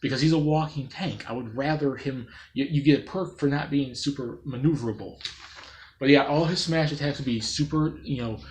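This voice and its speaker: A man giving unscripted gaming commentary, rambling and excitable, with many fillers and restarts and loud bursts into playful sound effects. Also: medium pitch, a little fast, a little hiss or hum. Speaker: gaming video creator.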